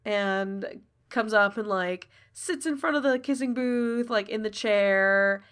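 A woman's voice: mid-range voice, slow pace, a bit bright, clear, resonant tone. A woman narrating a tabletop role-playing game as game master, in a casual, chatty way with many fillers.

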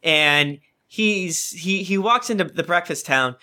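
A man co-hosting a casual book discussion podcast, joking and acting out characters in quick voices. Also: high voice, bright, forceful tone. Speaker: podcast co-host.

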